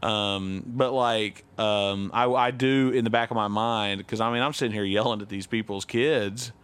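Male podcast co-host, low and smooth voice, loose candid rambling chat. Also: steady tone, normal speed, a bit bright. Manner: rambling, self-correcting, candid. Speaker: youth T-ball head coach. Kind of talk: casual chat.

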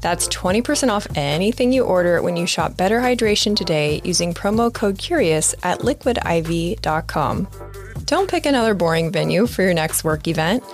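Upbeat woman host, low voice. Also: lively intonation, normal speed, faint music behind. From United States. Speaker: podcast host. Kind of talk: casual interview and ad reads.

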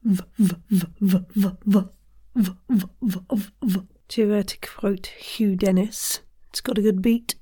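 Slow, giggly woman coaching voice warm-ups. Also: medium pitch, fairly even intonation, breathy edge. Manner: giggly, often dropping into whispers; demonstrates vocal exercises out loud. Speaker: podcast host leading voice warm-ups. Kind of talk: playful instructional warm-up coaching.

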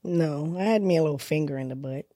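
A woman's voice: low-pitched, quick pace, dark tone, dry recording, studio quality. A woman co-hosting a casual podcast chat, talking in a playful, teasing way.

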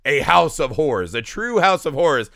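Animated man hosting a film podcast. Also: fairly high pitch, moderate pace, gravelly, dry recording, studio quality. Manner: animated, tags lines with "right?". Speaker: podcast host. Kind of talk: casual film discussion.

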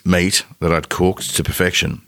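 A man's voice: low-pitched, flat delivery, normal speed, creaky, a bit bright, no room sound, clean studio sound. A man co-hosting a podcast, chatting casually in a jokey, rambling way and laughing often. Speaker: podcast co-host. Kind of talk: casual chat.

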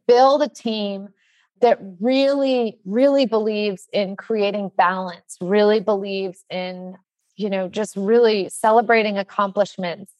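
A woman in her forties speaking as a nonprofit leader in casual podcast talk, animated and chatty with lots of fillers. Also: mid-range voice, measured pace, no room sound. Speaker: nonprofit leader announcing trainings.

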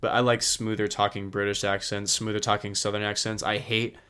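A man's voice: on the low side, flat delivery, fairly quick, bright, forceful tone, clear, resonant tone. An American man co-hosting a podcast, chatting casually and bluntly, with plenty of swearing and filler words. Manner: blunt and profane, lots of "like". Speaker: podcast co-host. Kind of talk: casual chat.

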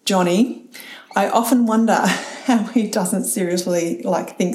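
Middle-aged woman, solo podcast host, candid and chatty, warm low-key tone, roomy echo. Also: steady tone, a little slow. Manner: candid, chatty, laughs often and swears casually. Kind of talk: reflective solo talk.

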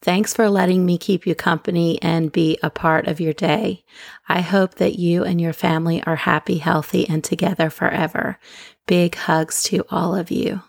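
A woman hosting a podcast, talking to her listeners in a calm, gentle, unhurried way into a microphone. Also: lowish voice, gravelly, dry recording, studio quality. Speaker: podcast host. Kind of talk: casual chat to listeners.

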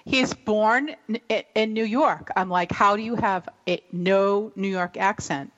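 Slow-talking, laughing female radio host. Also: medium pitch, fairly bright tone, long reverb tail, muffled recording. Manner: agreeable, laughs often. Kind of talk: casual chat.

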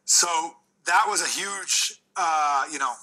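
Husky bright man telling a story. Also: a little high, rough recording. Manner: animated storyteller, slows down to quote. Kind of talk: storytelling in an interview clip.

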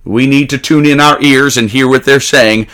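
A man's voice: mid-range voice, fairly even intonation, moderate pace, a bit bright. A man delivering an emphatic, preachy political opinion monologue that rises to urgent peaks. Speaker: political commentator.

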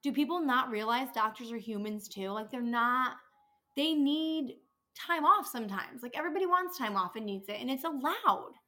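A woman's voice: on the high side, expressive, normal speed, bright, forceful tone. A woman in her thirties who works at a dental office, hosting a casual solo podcast and ranting with exasperation and plenty of swearing. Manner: exasperated, venting, swears freely.

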